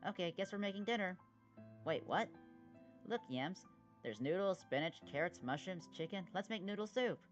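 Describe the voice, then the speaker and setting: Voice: medium pitch, expressive, moderate pace, lo-fi sound, faint music behind, close to an everyday voice. A voice actor doing a plucky cartoon big sister. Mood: upbeat. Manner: bossy, encouraging, bold. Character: cheerful can-do big sister, a child. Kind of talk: animated web series voice acting.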